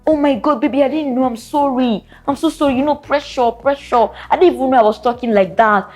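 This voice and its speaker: A woman putting on the voice of a pleading, overly apologetic young boyfriend, pitched up and whiny. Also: brisk, darkish tone.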